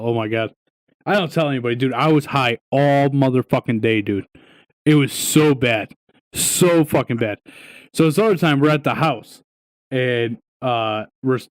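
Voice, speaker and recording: Young guy podcast co-host, mid-pitched, dry close sound, spins crude stories with lots of "dude". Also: no echo. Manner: profane, animated storytelling with lots of "dude" and "right?". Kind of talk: casual storytelling chat.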